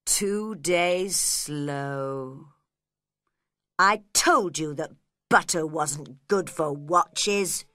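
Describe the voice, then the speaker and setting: A woman voicing an odd, blunt male Hatter in a storybook, slow and deliberate. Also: deep voice, expressive, bright, forceful tone, dry recording, studio quality, voice pushed down, heavily acted.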